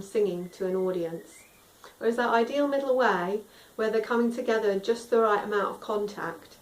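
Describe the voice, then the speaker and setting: Recorded from a distance in an echoey room and slightly off mic, a medium-pitched woman teaches singing. She explains vocal tone in a friendly, instructive way and demonstrates sung tones.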